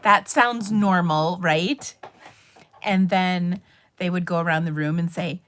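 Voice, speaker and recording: A woman's voice: on the low side, slow, fairly bright tone. Chatty Minnesotan woman hosting a craft stream. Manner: chatty, rambling, with frequent laughs and fillers. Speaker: papercraft livestream host. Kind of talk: casual livestream chat.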